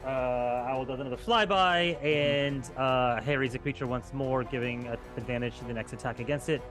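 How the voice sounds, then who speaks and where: A man's voice: mid-range voice, normal speed, over music. A man running a tabletop game as game master, narrating in a loose, filler-heavy way.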